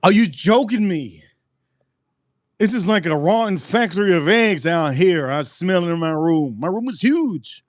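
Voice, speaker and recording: Animated, profane man telling a story. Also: sits high, measured pace, no echo, studio quality. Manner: animated, profane, repeats himself. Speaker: live-stream host. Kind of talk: live-stream storytelling.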